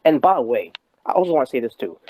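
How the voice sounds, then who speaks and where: A man's voice: mid-range voice, very animated, fast, darkish tone, low-quality recording. Rambling man in casual podcast chat. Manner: rambling, many restarts and fillers. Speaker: podcast co-host. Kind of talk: casual wrestling talk.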